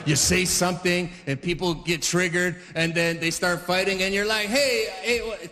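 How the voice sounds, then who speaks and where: A man's voice: sits high, fairly even intonation, moderate pace, sharp tone, big-room sound. A man in his forties doing a stand-up comedy routine, rambling through stories with many fillers and acting out the characters in them.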